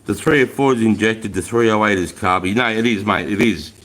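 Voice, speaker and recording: An Australian man in his forties hosts a casual livestream, reading comments and chatting with viewers. His fairly low, slightly bright voice runs a little fast as he tells blunt, profane, slangy stories.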